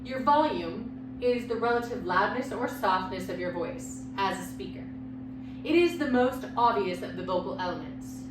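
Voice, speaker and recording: A woman lecturing on public speaking with a loud voice and lively, expressive pitch. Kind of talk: recorded lecture. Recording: echoey room, mic far off, background hum.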